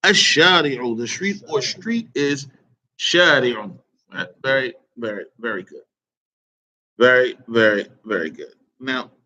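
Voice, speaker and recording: A man teaching an Arabic vocabulary lesson, quizzing his students and repeating each word slowly. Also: medium pitch, fairly bright tone. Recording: dull lo-fi recording.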